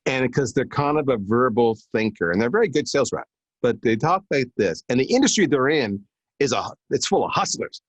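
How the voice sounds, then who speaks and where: A man's voice: mid-range voice, brisk, no room sound. A middle-aged man, a marketing executive guest on a live podcast, telling anecdotes and acting out the quotes in different voices. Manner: animated storyteller who acts out quotes. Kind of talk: conversational storytelling on a live podcast.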